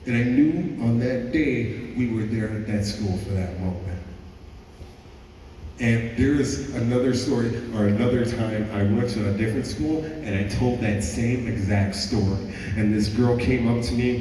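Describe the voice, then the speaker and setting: A man's voice: mid-range voice, moderate pace, mellow, a little hiss or hum. A man giving a school assembly talk, telling stories earnestly and repeating phrases for effect, recorded from afar in a large school gym. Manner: earnest, repetitive storytelling. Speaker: motivational speaker. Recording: echoey gym heard from far off.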